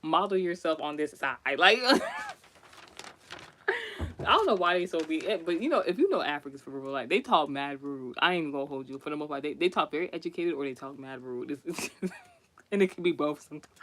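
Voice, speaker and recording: Guy talking straight to camera, rambling and cussing, tripping over his words, kinda high voice. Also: lively intonation, a little fast, pushed and bright, slight background noise. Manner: chatty, profane, laughs often, many restarts. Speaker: vlogger. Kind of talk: casual storytelling monologue.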